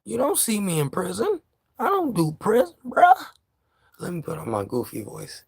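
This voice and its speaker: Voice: mid-range voice, wildly swooping pitch, moderate pace, creaky, breathy edge, no echo. A vlogger from New York ranting to camera in casual, profane street slang, heated and laughing by turns.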